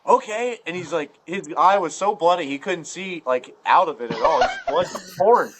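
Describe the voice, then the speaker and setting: A man's voice: moderate pace, noisy background. Rambling, profane male storyteller. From Ohio. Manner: rambling, profane storyteller full of filler words; acts out quoted dialogue with jumps in pitch. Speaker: podcast guest storyteller. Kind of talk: casual chat.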